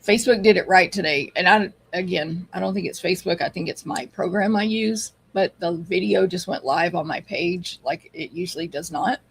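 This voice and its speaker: A papercraft teacher from Texas, middle-aged and speaking with a Texan accent, hosts a casual live stream and says hello to viewers individually by name. She talks at normal speed with few pauses, in a lowish voice with vocal fry and a breathy edge.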